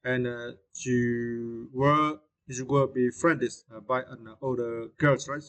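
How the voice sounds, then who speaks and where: A man in the middle pitch range gives an English vocabulary lesson, pausing often on fillers and checking in with tag questions. He says each word again and again, slowly, to show where its stress falls. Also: fairly even intonation, fairly bright tone, low-quality recording. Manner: repeats words slowly to model stress.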